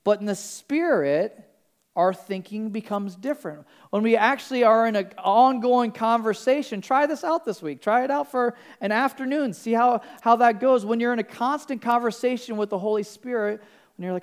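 A man's voice: high voice, a little slow. A man, a pastor, giving a conversational sermon, often restarting and repeating words. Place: church.

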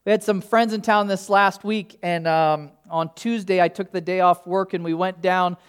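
A man's voice: high-pitched, fairly even intonation, normal speed, clean tone. A male pastor preaching a sermon, telling a personal story in a casual, humorous, conversational way.

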